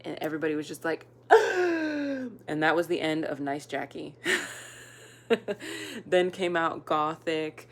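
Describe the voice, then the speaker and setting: A woman telling candid, rambling stories from her school years, with fillers and quick acted quotes. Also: sits low, a little hiss or hum. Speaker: storyteller. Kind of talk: casual personal storytelling.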